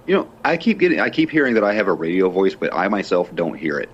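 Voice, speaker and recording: A man on a group internet call, talking in a deliberate, analytical way. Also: low-pitched, big pitch swings, breathy edge. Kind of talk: casual call chat. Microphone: computer mic on a video call. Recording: dull lo-fi call audio with faint noise.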